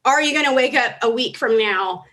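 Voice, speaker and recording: Woman, 30s, convention keynote speaker, earnest and emotional, fairly high voice. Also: normal speed, pushed and bright. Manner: emotional, earnest, rising to urgent exhortation. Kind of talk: motivational stage speech. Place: large convention hall.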